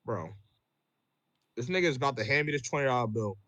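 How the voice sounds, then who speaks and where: A man tells a bar story in loose, profane casual chat, peppered with fillers and "bro". His voice sits at an ordinary middle pitch. The sound is dry and close, with little room around it. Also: animated, fast, pushed and bright, no echo. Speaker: podcast host telling a story.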